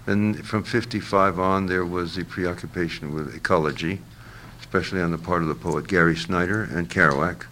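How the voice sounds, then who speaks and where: An older man being interviewed, answering in a halting, reflective way with many fillers and restarts. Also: sits low, steady tone, sharp tone, a little hiss or hum.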